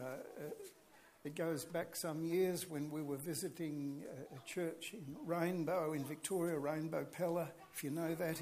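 A man's voice: fairly high pitch, creaky, darkish tone. A man preaching a sermon, earnest and emphatic, with chatty asides to the congregation.

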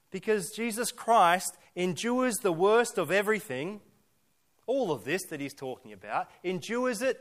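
This is a pastor with a high-sitting male voice, preaching a sermon in earnest. He moves through slow, emphatic lists and asks rhetorical questions.

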